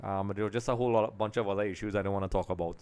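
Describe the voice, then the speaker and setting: Excitable man streaming a match. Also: fairly low pitch, rapid-fire, smooth. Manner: chatty, keeps addressing viewers as folks, gets excited at chances. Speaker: live stream host. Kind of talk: live football watch-along reaction.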